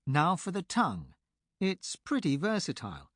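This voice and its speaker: A man reading a scripted language lesson for an audiobook, speaking clearly and explaining step by step. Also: fairly high pitch, huge pitch swings, moderate pace, a bit bright, no room sound, studio quality. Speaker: language tutor.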